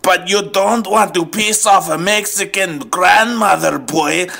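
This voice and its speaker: A man's voice: high-pitched, a little slow, creaky, full character voice. A man voicing a brash male Latino comic guest with an exaggerated put-on accent, rambling and acting out voices in a comedy sketch. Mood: rowdy. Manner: rambling, animated, acts out voices and noises.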